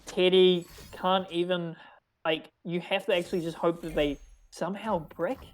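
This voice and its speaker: Excitable laughing esports caster. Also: mid-range voice. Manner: excitable, quick to laugh, trails into restarts. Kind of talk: live esports game commentary.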